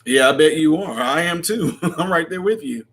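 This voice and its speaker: A man with a fairly bright, slightly high voice hosts a casual livestream, animated and at normal speed. He goes through viewer comments, answering them in a rambling manner with plenty of laughter.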